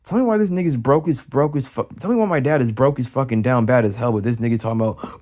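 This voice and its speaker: A man's voice: medium pitch, fast, few pauses, darkish tone. A young man venting in an agitated, profane late-night rant, tripping over restarts as he goes. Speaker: vlogger.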